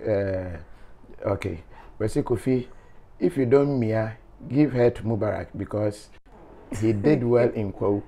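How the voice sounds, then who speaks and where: A man's voice: lowish voice, unhurried, mellow. A man, a show host reading viewer comments aloud in a playful, teasing way with frequent laughter.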